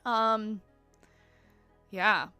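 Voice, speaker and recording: A woman's voice: medium pitch, steady tone, drawn-out words, pushed and bright, smooth, soft background music. Giggly Canadian woman chatting on stream. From Ontario, Canada. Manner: chatty, lots of "like" and "um", giggly, apologetic. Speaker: livestreamer. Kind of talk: casual livestream chat with viewers. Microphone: desk mic she keeps bumping.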